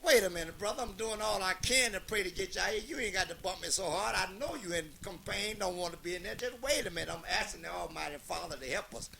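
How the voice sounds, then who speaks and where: Man playing an earnest Southern preacher, high, bright, drawn-out pleading. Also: creaky, a little hiss or hum, full character voice.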